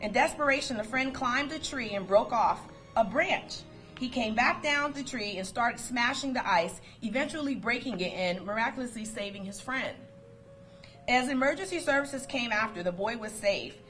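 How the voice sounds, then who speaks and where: Woman, fairly high voice, lively motivational speaker telling stories, faint music behind. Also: moderate pace. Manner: lively, storytelling with quotes and laughter. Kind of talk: motivational talk to coworkers.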